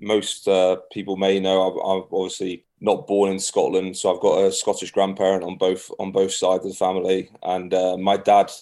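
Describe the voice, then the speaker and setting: A man's voice: low-pitched, monotone, normal speed, few pauses, warm tone. A young man with an English accent, a guest on a podcast, telling his story in an easygoing, self-deprecating way and laughing often. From England. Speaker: podcast guest, rugby player. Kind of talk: casual chat.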